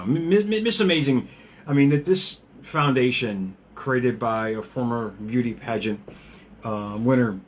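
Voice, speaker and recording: A man's voice: mid-range voice, slight background noise. A man in his fifties hosting a casual motivational livestream, rambling, laughing often and swearing casually. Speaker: motivational podcast host.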